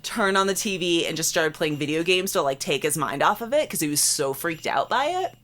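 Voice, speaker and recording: Low-voiced woman telling a spooky story. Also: brisk. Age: late 20s. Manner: animated, acts out quotes, many "like" fillers. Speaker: podcast co-host. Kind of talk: casual storytelling.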